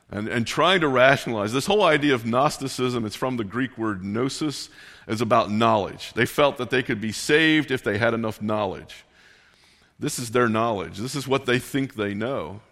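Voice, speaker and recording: Man, pastor, sermon, earnest conversational delivery, mid pitch, long hall reverb. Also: a bit bright. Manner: earnest, conversational preaching with quoted voices.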